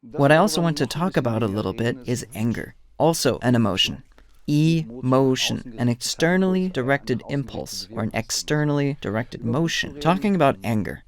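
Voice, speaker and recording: A man's voice: medium pitch, lively intonation, moderate pace. A man with a German accent, a therapist giving a lecture to an audience and acting out little dialogues with patients. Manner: storytelling, acts out dialogues.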